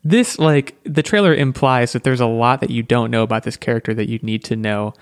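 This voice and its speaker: A man's voice: mid-range voice, a little fast, no echo. Chatty man on a dry mic. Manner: chatty, hedging, lots of "like" and restarts. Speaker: podcast host. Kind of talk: casual chat.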